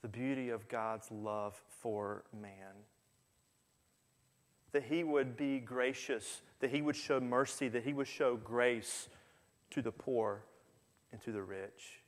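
A man's voice: mid-range voice, fairly even intonation, slow. Guy preaching a sermon, tells the stories and does the voices, big hall echo. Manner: storytelling, acting out quoted figures with rising voice. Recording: long hall reverb.

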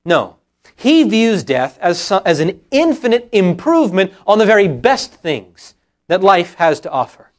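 A man preaching a sermon as pastor, earnest and emphatic, slowing down to dwell on scripture quotations. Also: high voice, sing-song. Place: church sanctuary.

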